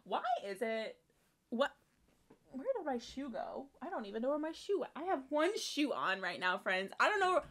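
A woman's voice: high voice, sing-song, a little fast, few pauses, a bit bright. A young woman hosting a video reaction, hyper and gushing, swearing and shrieking as she comments. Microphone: headphones on while recording.

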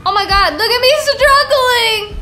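Excitable high-voiced woman gaming. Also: a little slow, very noisy. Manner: excitable, exclamatory, giggly. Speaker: gaming channel host. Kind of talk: gaming commentary.

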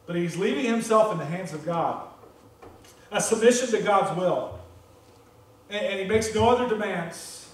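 High-voiced American preacher in an echoey church. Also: male voice, normal speed, long pauses. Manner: animated, repeats words when stressing a point. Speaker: pastor. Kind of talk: sermon. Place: church sanctuary. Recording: very echoey church, voice distant from the mic.

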